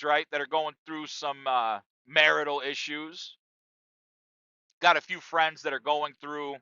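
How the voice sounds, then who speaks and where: A man's voice: medium pitch, pushed and bright, smooth, no room sound, highs cut off. A middle-aged man hosting a podcast, talking loosely and profanely straight to his listeners in a casual monologue. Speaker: podcast host.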